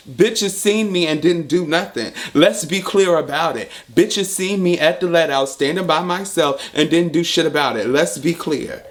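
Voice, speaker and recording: A man telling a story in a casual vlog monologue, blunt and profane, repeating points for emphasis. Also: a little high. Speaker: storyteller vlogger.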